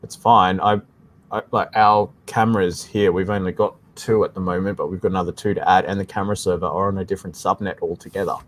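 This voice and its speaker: A man with an Australian accent co-hosts a live tech question stream, talking in a casual, explanatory way. His voice sits low, and he keeps circling back with "like I said". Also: steady tone, quick pace. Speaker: tech support co-host.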